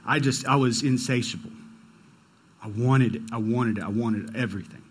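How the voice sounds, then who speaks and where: A man's voice: mid-range voice, normal speed, breathy edge. A young man preaching a sermon, telling a personal story in a casual, conversational way. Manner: conversational, storytelling with quoted dialogue. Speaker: pastor.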